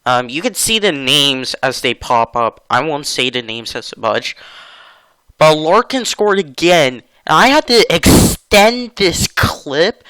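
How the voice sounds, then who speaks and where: A man's voice: fairly high pitch, bright, forceful tone, no echo, low-quality recording. Chatty man narrating hockey game clips. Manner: chatty, laughs often, gets exasperated. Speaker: gaming channel host. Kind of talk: casual gameplay commentary.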